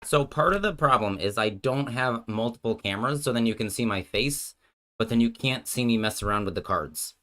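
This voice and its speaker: A man's voice: mid-range voice, animated, a little fast, bright, forceful tone. Man streaming, joking and thinking aloud. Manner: joking with chat, thinking aloud, trailing off mid-sentence. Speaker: streamer and host. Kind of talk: casual live-stream chat while working out card game plays.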